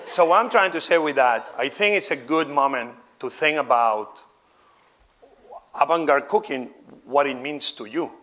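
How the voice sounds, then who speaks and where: A man's voice: on the high side, expressive, moderate pace, a bit bright. A man whose first language is not English, a chef giving a live cooking demonstration lecture with showman flair and a candid, chatty tone. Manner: showman-like, exclaiming, then candid and conversational.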